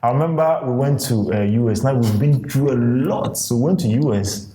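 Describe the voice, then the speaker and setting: A man's voice: mid-range voice, a little fast, roomy sound, slight background noise. A Ghanaian man from a music duo tells stories in an interview, mixing English and Twi and laughing as he goes. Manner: animated, mixes English and Twi, laughs while telling stories. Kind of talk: storytelling interview.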